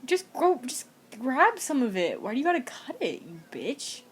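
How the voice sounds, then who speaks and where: Young woman, film reactor; profane, giggly, rambling commentary, slightly high voice. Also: sing-song, moderate pace, a little hiss or hum. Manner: swears a lot, laughs often, rambling reactions. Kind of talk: casual watch-along commentary.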